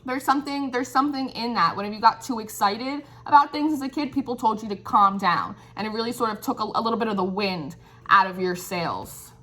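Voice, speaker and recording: A woman gives a tarot reading in a searching, musing way and keeps checking in with her listener. Her voice sits a little high and rings bright and forceful. She sounds encouraging and affirming. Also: brisk. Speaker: tarot reader.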